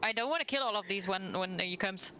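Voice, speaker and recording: A woman's voice: mid-range voice, quick pace, muffled recording, noisy background. A woman playing a tabletop game, talking earnestly and repeating herself. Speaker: player. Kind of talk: casual game chat.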